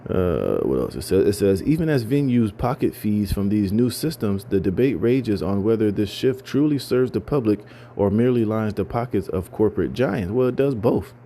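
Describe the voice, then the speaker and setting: A man's voice: on the low side, big pitch swings, moderate pace, few pauses, mellow, slight background noise. A man talking through news items in an emphatic way, stammering and restarting and filling with "you know" and "man". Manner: emphatic, repetitive, many fillers and stammered restarts. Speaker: commentator. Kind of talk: casual talk reading news.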